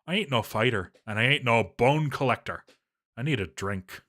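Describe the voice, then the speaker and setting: A man's voice: medium pitch, expressive, normal speed, a bit bright. A man voicing a cowardly, grumbling male dwarf pump operator in a put-on Irish-sounding accent, swearing and self-pitying.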